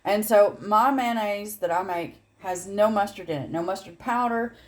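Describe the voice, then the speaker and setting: A woman's voice: medium pitch, moderate pace. A middle-aged woman with a Southern accent, hosting a home cooking video, chatting through a recipe with rambling asides and little laughs. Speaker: home cooking channel host. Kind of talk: casual cooking demonstration.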